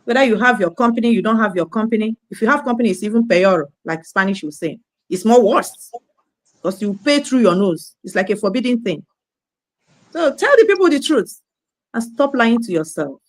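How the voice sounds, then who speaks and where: A woman's voice: a little high, lively intonation, fairly quick, dry recording. A woman ranting in a scolding, preachy monologue, repeating her phrases. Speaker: online commentator.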